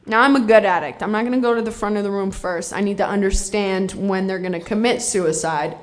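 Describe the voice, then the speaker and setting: A woman's voice: medium pitch, a little fast. A woman telling her own recovery story in a blunt, darkly funny way, swearing freely. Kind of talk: candid personal testimony.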